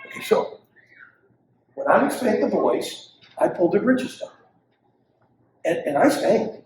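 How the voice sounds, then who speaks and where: An older man teaching parents as a pastor, animated and acting out quotes from children and parents, in a church hall. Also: sits high, moderate pace, pauses often, distant mic. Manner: animated preacher who acts out quotes of kids and parents. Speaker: pastor leading a parenting session.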